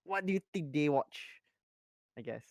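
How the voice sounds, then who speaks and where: A man's voice: a little high, expressive, normal speed, no room sound, studio quality. A man in a casual podcast chat, asking curious follow-up questions. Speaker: podcast co-host.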